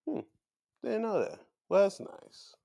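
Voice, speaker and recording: A man's voice: high voice, slow pace, creaky, dry recording, clean studio sound. A man hosting a show, chatting casually through a recap and acting out what people said. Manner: animated, chatty, acts out quotes. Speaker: show host. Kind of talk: casual wrestling recap commentary.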